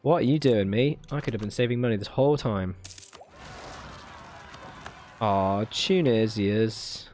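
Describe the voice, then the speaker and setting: A man's voice: on the low side, unhurried, long pauses, a little mellow, soft background music. Playful man muttering game commentary. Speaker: gaming video host. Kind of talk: let's play commentary.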